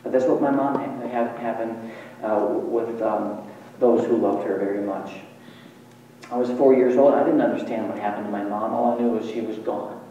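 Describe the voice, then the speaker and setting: A man's voice: on the low side, steady tone, normal speed, mellow, slight background noise. A man telling his life story as a sermon testimony, in a storytelling manner with emotional swings, recorded from a distance in a large hall. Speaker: evangelist. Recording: distant echoey hall, muffled.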